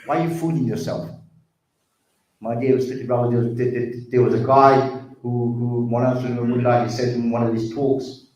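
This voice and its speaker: A man's voice: mid-range voice, flat delivery, moderate pace, a little mellow. A man giving an earnest community talk about drug addiction, repeating himself and calling the listeners brothers and sisters. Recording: very echoey hall, distant mic.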